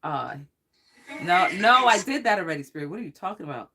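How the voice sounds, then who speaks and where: A psychic tarot reader giving a casual livestream reading, rambling and excitable, often laughing and swearing. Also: medium pitch, brisk, slight background noise.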